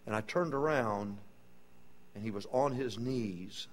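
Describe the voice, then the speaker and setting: Low-voiced preacher. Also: male voice, unhurried. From East Texas. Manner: earnest, folksy, hushed during the story. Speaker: pastor. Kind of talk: sermon with storytelling.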